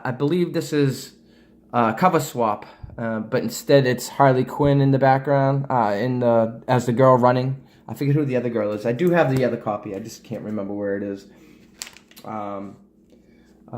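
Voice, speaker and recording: A man talking casually to camera about his comic book collection, rambling with many ums and uhs. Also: medium pitch. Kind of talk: casual show-and-tell vlog.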